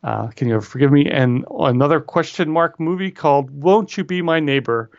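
A man's voice: on the high side, fairly quick, vocal fry, no echo. Wry rambling man, lo-fi dry audio. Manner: rambling, self-correcting, wry. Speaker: podcast co-host. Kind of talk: casual chat. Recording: dull lo-fi audio.

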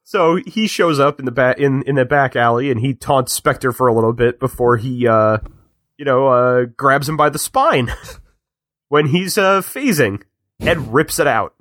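A man hosts a podcast and recaps a film in a chatty storytelling way, tossing in quick asides. His voice sits at a middle pitch, recorded close and dry with no room sound. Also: animated, a bit bright, no room sound. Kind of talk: casual chat.

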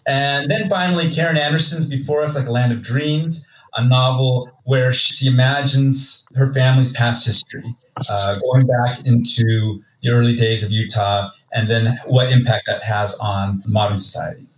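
A man's voice: medium pitch, steady tone, moderate pace, slight background noise. Man speaking from far off in an echoey room. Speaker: podcast co-host. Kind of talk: casual book review chat. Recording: roomy echo, distant from mic.

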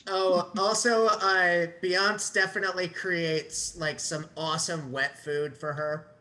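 A man's voice: high-pitched, fairly even intonation, slow pace, pushed and bright. A man playing a tabletop game, chatting casually with many hesitant fillers. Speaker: player.

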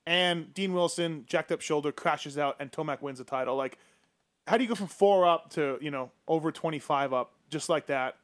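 A man hosting a casual podcast chat, talking in a quick, chatty way and giving shout-outs. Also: a little high. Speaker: podcast host. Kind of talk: casual chat about motocross racing.

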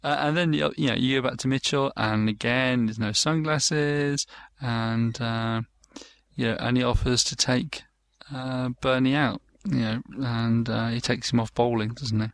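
A man's voice: mid-range voice, fairly even intonation, a little slow, a bit bright. A man casually talking over a show, rambling with lots of fillers and restarts and acting out quoted lines. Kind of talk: casual chat.

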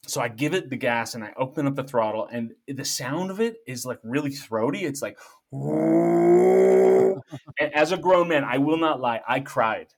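Middle-aged male guest, lively jokey storyteller, conversational. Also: mid-range voice. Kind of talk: casual storytelling.

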